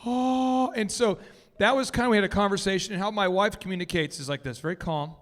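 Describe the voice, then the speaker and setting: A man hosting a business talk, telling an animated story to a live audience and acting out the people in it. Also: high voice, fast, long reverb tail. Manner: excitable, jumps between loud and hushed, acts out quotes. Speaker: business coach and host.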